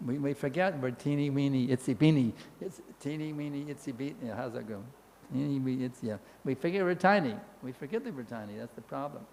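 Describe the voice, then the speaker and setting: A man giving an animated scripture lecture, telling stories, acting out voices and chanting with playful repetition. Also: medium pitch, fast talker, big-room sound, slight background noise.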